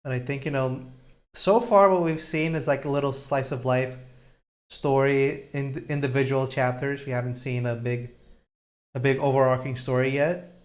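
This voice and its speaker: A man hosting a casual live stream about comics. He talks at a middle pitch in a relaxed, halting way, often starting a sentence over before finishing it. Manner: relaxed, halting, with many restarts. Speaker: host.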